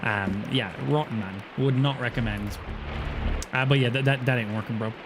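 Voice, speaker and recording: A man's voice: medium pitch, moderate pace, background noise. An Irish man chatting casually and cursing freely while he streams gameplay and jokes around. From Ireland. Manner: chatty, profane, joking.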